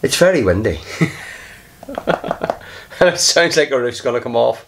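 A man's voice: mid-range voice, very animated, moderate pace, background noise. A man commenting casually on his own game play, muttering in frustration, sighing and swearing under his breath. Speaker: gaming channel host.

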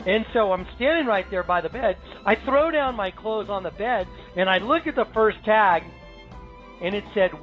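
A man's voice: sits high, expressive. Man telling a strange story over faint music. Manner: dramatic, halting storytelling with many restarts. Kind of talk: personal testimony. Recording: slightly dull recording with faint music.

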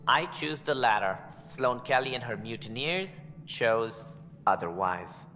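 A man's voice: medium pitch, lively intonation, measured pace, sharp tone. An actor voicing a stern, haughty alien male colony director who speaks formally and looks down on common people. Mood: stiff, formal. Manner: formal, condescending about commoners. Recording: game audio with long reverb and music.

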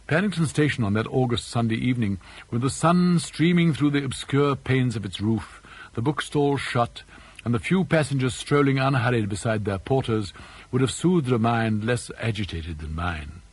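Husky male audiobook narrator. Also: mid-range voice, moderate pace, poor audio. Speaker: audiobook reader. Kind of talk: scripted narration.

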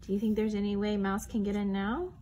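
A woman reading a picture book aloud to preschoolers, expressive and pausing to ask the children questions. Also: medium pitch, slight background noise. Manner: expressive, asks the young listeners questions. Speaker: children's storytime reader.

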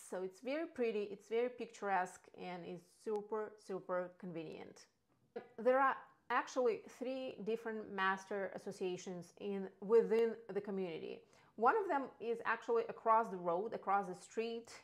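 A chatty, enthusiastic woman presents neighborhoods for a real estate video. English is not her first language, and she talks in a mid-range voice. Her style is casual, with asides and small self-corrections. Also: mid-range voice.

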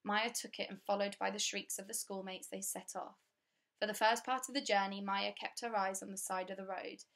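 A woman reading a children's story aloud with clear, steady, expressive storytelling. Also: mid-range voice, a little fast. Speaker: audiobook reader.

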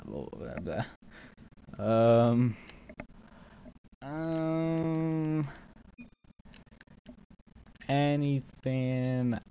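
A man's voice: mid-range voice, dark tone, lo-fi sound, slight background noise. A man streaming live, casually chatting and joking as he reads chat aloud. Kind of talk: casual livestream chat while trading.

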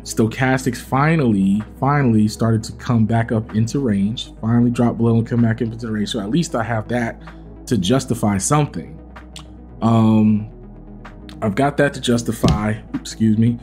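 A man's voice: medium pitch, a little mellow. A man giving a casual, self-mocking recap of his day's trades, acting out his own inner dialogue. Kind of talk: casual screen-share trading recap.

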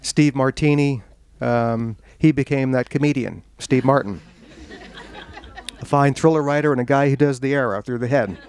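A man's voice: medium pitch, normal speed. A man, an author, telling humorous stories to an audience at a bookstore event, acting out the voices of the people in his tales. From United States. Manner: animated, acts out quoted voices, self-deprecating jokes. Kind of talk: humorous storytelling talk.

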